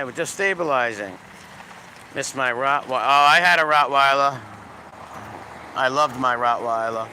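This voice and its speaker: A man's voice: medium pitch, sharp tone. Rambling Rhode Island man on a street. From Providence, Rhode Island. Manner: rambling, profane, bouncing between greetings and rants. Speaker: livestreamer walking his dog. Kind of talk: casual livestream chat with viewers. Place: city street with passing cars. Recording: faint street traffic noise.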